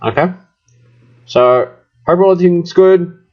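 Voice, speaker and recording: A man's voice: high voice, a little slow. A man teaching maths, giving loose, informal assignment instructions to his class with a muffled voice. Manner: loose and informal, many fillers. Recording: muffled lo-fi recording.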